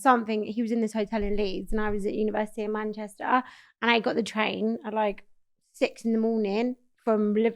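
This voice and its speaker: A young Englishwoman with a medium-pitched voice appears as a talk show guest, telling stories in lively, casual conversation and swearing freely.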